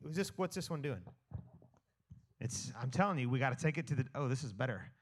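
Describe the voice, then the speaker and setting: A man's voice: mid-range voice, animated, a little fast, breathy edge. A pastor preaching to his church congregation on a handheld microphone, in a loose, conversational way full of fillers and restarts, with playful asides. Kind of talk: sermon. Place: church hall with a live congregation.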